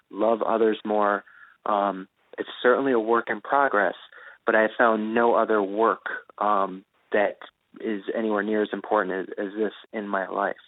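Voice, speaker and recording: A man with a lowish voice reflects earnestly on his own life, in halting, thoughtful phrases. The sound is thin and tinny, like a phone line. It is dry, with no room around it. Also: dry recording. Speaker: author guest. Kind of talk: reflective interview talk. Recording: phone-like narrow band.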